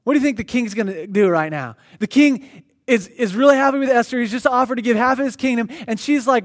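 Animated high-voiced man preaching. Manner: animated storyteller who acts out the characters; reads scripture aloud in a slower, quieter voice. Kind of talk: sermon retelling a scripture story.

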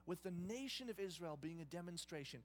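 A man preaching a sermon in an emphatic style, swinging between hushed and loud delivery. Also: high voice, expressive, fairly quick, slight background noise. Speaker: pastor.

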